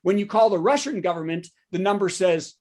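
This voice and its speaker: A man, a comedian hosting a virtual show with a topical news monologue and quick asides to the audience. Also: sits high, animated, a little mellow. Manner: joking asides, checks in with the audience. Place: home setup for a virtual show.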